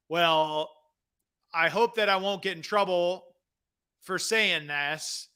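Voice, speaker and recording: A man's voice: high-pitched, slow, long pauses, bright, forceful tone, smooth. A man hosting a comedy wrestling talk show, rambling casually through viewer questions with self-deprecating asides.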